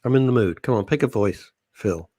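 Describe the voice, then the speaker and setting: A man's voice: fairly low pitch, a little fast, mellow, no echo. A man co-hosting a radio chat show, reading listener messages with jokey, teasing banter. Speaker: radio co-host.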